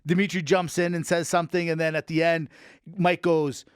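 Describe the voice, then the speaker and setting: A man co-hosting a sports podcast, telling stories in an excitable, teasing way. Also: a little high, brisk, smooth, dry recording, studio quality. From Canada. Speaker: podcast co-host. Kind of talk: casual sports banter.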